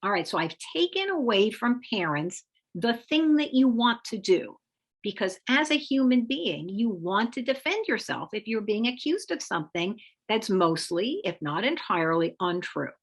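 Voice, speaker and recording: A woman presenting an instructive webinar talk as a parenting expert, speaking in a measured, explanatory way. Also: medium pitch, sing-song, slightly rough. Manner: measured, explanatory, acts out example phrases for parents.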